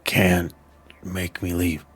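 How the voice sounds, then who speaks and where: A man voicing a loyal male vampire who speaks slowly, calmly and softly. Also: sits low, husky, heavily acted. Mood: steadfast. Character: loyal steadfast male vampire, quiet and firm.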